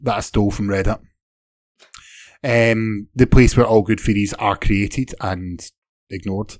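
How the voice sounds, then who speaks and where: A man with a lowish voice, talking through theories and dry jokes on a casual podcast. The sound is dry and close, with little room around it. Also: steady tone, unhurried, dry recording. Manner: dry, joking, tells theories at length. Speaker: podcast co-host. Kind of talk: casual chat.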